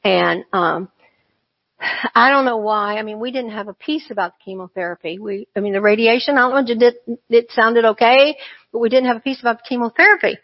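Woman, churchgoer, earnest conversational testimony, slightly high voice, muffled lo-fi sound. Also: a little fast. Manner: earnest, conversational, with frequent asides. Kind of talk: personal testimony storytelling. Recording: dull lo-fi recording.

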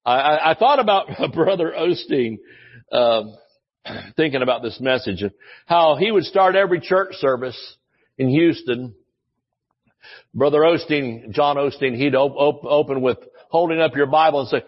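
Folksy male pastor with a high voice, preaching with repeated phrases; lo-fi audio. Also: animated, measured pace, slightly rough. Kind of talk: sermon. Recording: dull low-fidelity audio.

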